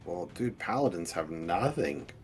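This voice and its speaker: A man's voice: sits low, lively intonation, measured pace, soft background music. A man chatting casually as a player in a tabletop game, laid-back and plain-spoken.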